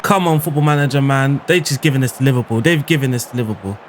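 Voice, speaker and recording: A man's voice: medium pitch, fast talker, slight background noise. A man commentating on his own football game as a YouTuber, exclaiming and groaning at every chance. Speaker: gaming YouTuber.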